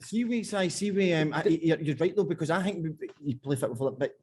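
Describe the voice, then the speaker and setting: Brief: ex-pro, husky voice, fast and clipped. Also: male voice, fairly high pitch, a little mellow. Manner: brief, understated replies. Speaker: former footballer, podcast guest. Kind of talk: casual chat.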